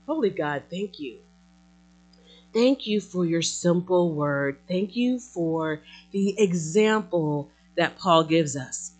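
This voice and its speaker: Emphatic preacher slowing for emphasis. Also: medium pitch. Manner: animated, emphatic, with light laughs. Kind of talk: sermon and closing prayer.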